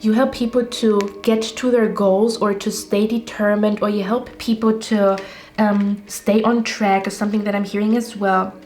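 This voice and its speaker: Female tarot reader, casual and reassuring, steady mid pitch with little melody. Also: normal speed. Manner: rambling, reassuring, addresses viewers directly.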